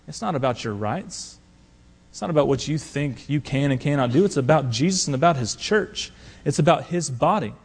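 Man preaching, emphatic, somewhat high-pitched, loud and soft by turns. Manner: emphatic preaching, swings between loud appeals and quiet asides. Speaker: pastor. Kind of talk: sermon.

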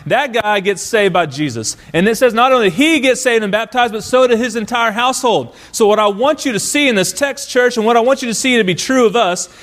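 A man's voice: high-pitched, fairly bright tone. A man preaching a sermon as pastor, emphatic and full of rhetorical questions to the congregation.

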